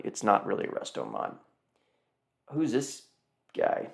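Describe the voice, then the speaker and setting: A man's voice: on the low side, wildly swooping pitch, unhurried, gravelly. A man hosting a live car auction stream, chatting casually and rambling, often repeating himself and talking to viewers as "guys". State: yawning, tired. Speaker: car auction livestream host.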